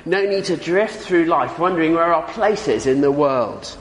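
Male preacher, emphatic sermon delivery with lively pitch, recorded in a reverberant hall. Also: moderate pace, a little hiss or hum. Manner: emphatic, asks listeners rhetorical questions. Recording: echoey hall with long reverb.

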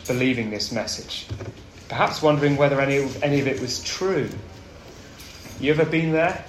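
A man preaching a sermon in a mid-pitched voice, earnest and given to storytelling. He often drops low and quiet to drive a point home. The room rings around him, with a faint hum of ambience behind. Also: roomy sound. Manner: earnest, storytelling, varies loud and soft.

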